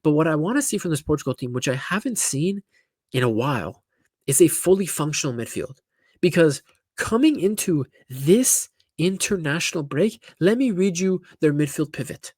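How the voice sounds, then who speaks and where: A man's voice: fairly high pitch, expressive, moderate pace, a little mellow, dry recording, studio quality. A man giving casual, opinionated football analysis, talking bluntly with lots of restarts and asides. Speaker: football pundit YouTuber.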